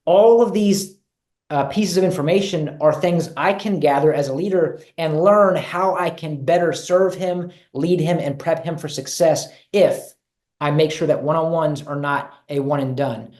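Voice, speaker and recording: A man's voice: a little high, normal speed, darkish tone, reverberant. A man presenting in a leadership webinar, talking earnestly and repeating key phrases for emphasis over a video call. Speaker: guest speaker on leadership.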